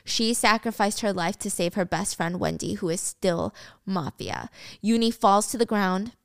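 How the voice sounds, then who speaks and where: A woman's voice: medium pitch, expressive, normal speed, clean tone, no echo. A young woman casually retelling a drama story, chatty with sarcastic asides, on a close mic. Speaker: drama recap narrator.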